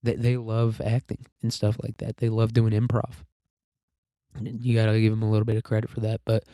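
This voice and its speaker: A man with a low, dark, mellow voice runs a sarcastic, profane, rambling commentary monologue. He sounds slightly congested and coughs now and then. The sound is close and dry. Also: monotone, a little fast, no room sound. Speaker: podcast host. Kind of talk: casual political commentary monologue.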